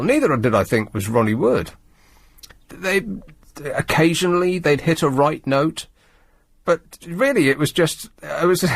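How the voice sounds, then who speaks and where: A male radio host from England rambles through late-night chat and news commentary, dry and sardonic, filling his talk with ums and asides. His voice sits fairly high, and there's no room sound.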